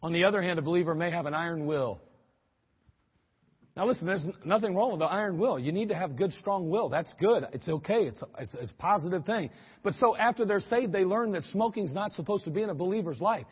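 A man preaches briskly in a high, husky voice, his animated sermon punctuated by sudden exclamations as he acts out how people reacted. The church hall gives his voice a long reverb, while the recording itself sounds muffled and dull.

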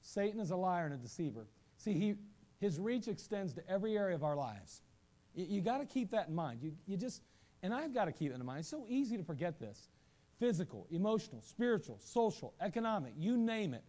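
A man preaching a sermon, animated, asking rhetorical questions and acting out quoted voices, at times rising to shouts. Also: sits high, a little fast. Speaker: pastor.

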